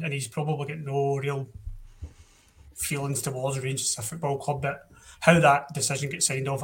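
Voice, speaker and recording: A man's voice: medium pitch, a bit bright, a little hiss or hum. A young Scottish man hosting a casual football podcast, blunt and opinionated, often restarting his sentences. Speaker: podcast host.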